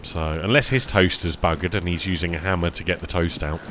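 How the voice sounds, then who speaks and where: A man chatting casually while streaming a survival game, tired and rambling, easily excited by small finds. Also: low-pitched, fairly quick, background noise. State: tired, yawning. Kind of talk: casual live-stream commentary.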